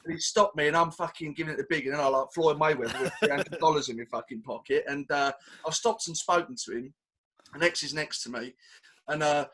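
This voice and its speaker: A man on a podcast, telling an animated story in casual chat and swearing freely. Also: on the high side, brisk. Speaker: podcast guest.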